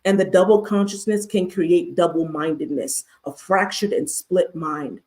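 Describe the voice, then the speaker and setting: A woman's voice: lowish voice, measured pace, a little mellow. Emphatic woman hosting a live talk. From United States. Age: adult with a master's degree. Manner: emphatic, with rhetorical questions and repetition. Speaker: host, therapist. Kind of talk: livestreamed mental health talk.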